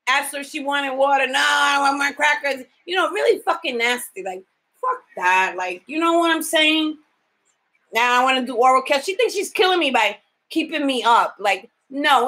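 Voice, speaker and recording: A woman's voice: high voice, lively intonation, normal speed, pushed and bright, low-quality recording. A woman caregiver talking in a casual video diary. She is tired from lack of sleep and talks bluntly, swearing freely as she vents. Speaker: home caregiver.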